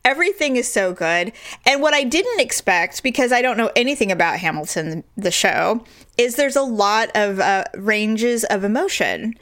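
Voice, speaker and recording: A middle-aged woman chatting on a podcast, telling a lively story and jumping high when she quotes people. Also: moderate pace. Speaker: podcast co-host. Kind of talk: casual chat.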